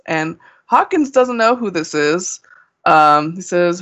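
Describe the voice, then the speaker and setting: A woman's voice: fairly low pitch, lively intonation, fairly bright tone. Wry woman recapping on a podcast. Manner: brisk, wry asides. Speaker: podcast contributor. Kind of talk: casual recap.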